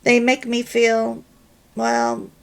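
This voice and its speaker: A woman reading the part of a hurt husband who speaks hesitantly and haltingly. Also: a little high, sing-song, exaggerated voice. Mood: hurt, earnest. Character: remorseful husband, a working man.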